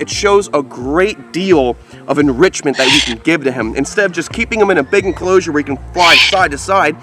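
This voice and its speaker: Excited young man with an outdoor wildlife vlog. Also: high voice. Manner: excited, upbeat, exclaims how amazing things are. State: out of breath. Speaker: wildlife vlogger. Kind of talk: enthusiastic outdoor vlog narration. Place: outdoors by a lake.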